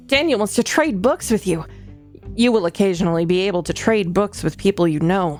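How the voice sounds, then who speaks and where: A woman streamer reading a narrative game aloud on a live stream, breaking in with quick asides. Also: medium pitch, faint music behind.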